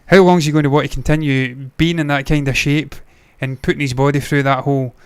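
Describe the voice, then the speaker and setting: A man's voice: medium pitch, steady tone, quick pace, clean tone, no room sound. A Scottish man co-hosting a casual film chat, rambling and swearing freely. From Scotland. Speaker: podcast co-host.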